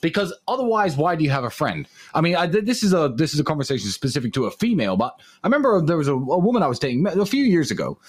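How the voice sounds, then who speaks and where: Guy co-hosting a stream, rambly storyteller, pitch jumps all over, voice sits a bit high. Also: big pitch swings, rapid-fire, few pauses, slightly rough. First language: English. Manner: rambling storyteller, swears freely. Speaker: livestream co-host. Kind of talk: casual chat.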